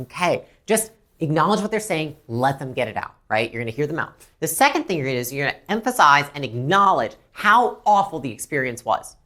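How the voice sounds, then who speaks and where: A woman's voice: on the low side, a bit bright. A woman business coach explaining how to handle customers, blunt and emphatic, who acts out short dialogues between customers and staff. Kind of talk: instructional talk to camera.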